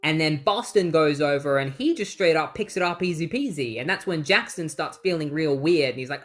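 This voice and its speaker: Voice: medium pitch, expressive, a little fast, few pauses. A comic book reviewer casually recapping issues, mixing plot summary with chatty personal asides. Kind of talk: casual retrospective narration.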